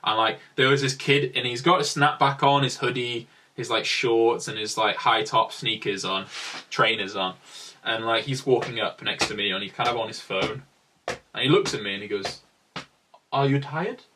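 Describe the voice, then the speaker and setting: Young man, chatty rambling narration, bright forceful voice, mic held at some distance. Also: on the low side, fairly even intonation, normal speed, slight background noise. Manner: chatty, rambling, many "like" fillers. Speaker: travel vlogger. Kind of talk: casual storytelling narration.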